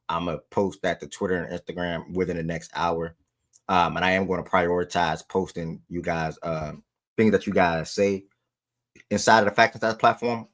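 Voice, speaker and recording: A man's voice: deep voice, a bit bright. A man hosting a sports livestream, talking to his chat in loose, slangy casual speech. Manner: loose slangy talk, breaks off to call his dog.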